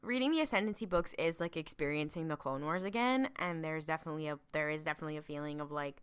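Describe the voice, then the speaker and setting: A woman's voice: deep voice, quick pace, clean tone. A woman co-hosting a podcast, chatting casually and animatedly, swearing and laughing often. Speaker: podcast co-host. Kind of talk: casual chat.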